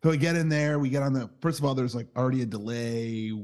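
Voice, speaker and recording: A man in his thirties telling a story in casual chat, swearing freely, laughing, acting out quotes with big jumps in pitch. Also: quick pace, a little mellow. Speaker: podcast co-host.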